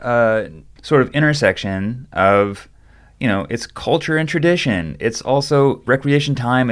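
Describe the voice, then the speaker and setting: A man hosting a podcast, reading narration and offering thoughtful, measured comments to his guest. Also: medium pitch. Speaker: podcast host. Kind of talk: scripted narration and interview comments.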